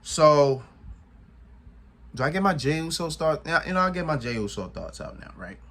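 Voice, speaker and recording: A man's voice: fairly high pitch, big pitch swings, normal speed, a bit bright. A man recapping a wrestling show in casual commentary, retelling events with animation, acting out what people said and laughing often.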